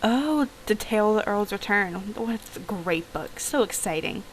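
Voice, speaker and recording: A woman's voice: mid-range voice, expressive, normal speed, a little hiss or hum, close to an everyday voice, rough recording. Bubbly pet-loving villager, read aloud by a woman; cooing, rambling, game dialogue. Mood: gushing.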